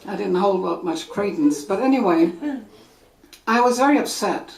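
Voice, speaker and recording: A woman from Brazil with a somewhat English accent, telling a true story live in a wry, animated way. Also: on the low side, moderate pace, creaky. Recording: echoey room with audience.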